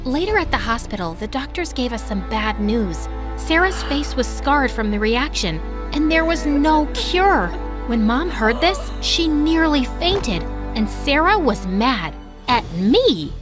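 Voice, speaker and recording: A woman narrating an animated drama story in the first person, bright and animated. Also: sits high, unhurried, over music.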